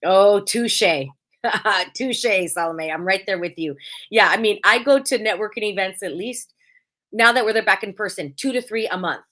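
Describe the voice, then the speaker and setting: A woman's voice: medium pitch, normal speed, sharp tone. A woman hosting a casual podcast chat, blunt and emphatic, acting out little quoted exchanges. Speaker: podcast host.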